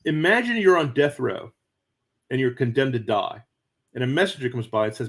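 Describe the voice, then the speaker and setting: A man talking as an interview guest, telling stories with stammered restarts and quick chuckles, jumping up into a high excited voice when acting out what people said. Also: breathy edge. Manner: animated, jumps to high excited pitch acting out quoted voices. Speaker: guest author. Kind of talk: conversational interview storytelling.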